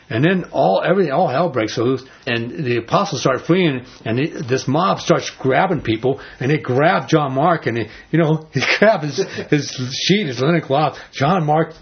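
Man, pastor, sermon, storytelling delivery, husky breathy voice, medium pitch. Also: muffled recording. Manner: conversational storytelling, acts out voices, chuckles.

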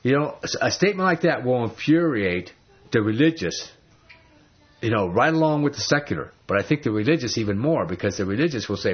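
A man's voice: mid-range voice, lively intonation, fairly quick, husky, muffled recording. A man teaching from the Bible in a conversational sermon, emphatic and full of rhetorical questions. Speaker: preacher.

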